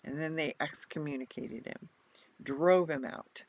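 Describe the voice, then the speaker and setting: A deep-voiced woman, recorded dry, leads an imaginative contemplation of a Bible passage as a retreat leader. She goes slowly and reflectively, prompting with questions and now and then sinking to a whisper.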